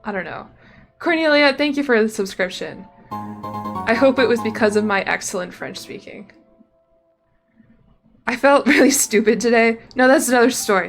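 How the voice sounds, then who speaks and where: Rambling through a casual live-stream chat full of fillers and false starts, this young woman speaks at a moderate pace in a somewhat high voice. There's faint music behind her.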